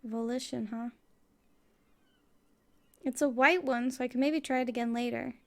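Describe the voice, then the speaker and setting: A woman's voice: a little high, fairly even intonation, moderate pace, creaky. A woman playing a game on video, reading the on-screen text aloud in a casual way, with wry asides. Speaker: let's play gamer.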